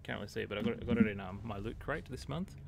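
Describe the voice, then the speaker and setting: Aussie streamer with a gravelly voice. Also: male voice, lowish voice, rapid-fire, music in the background. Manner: chatty and friendly, addresses viewers as mate. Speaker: live streamer. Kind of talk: casual gameplay commentary talking to chat. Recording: loud game gunfire behind voice. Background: battle gunfire and vehicles.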